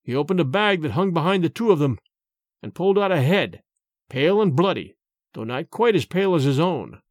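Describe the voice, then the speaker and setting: Man reading a spooky story aloud, lively pitch, dry close sound, bit higher voice. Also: a little fast, dry recording. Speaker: narrator.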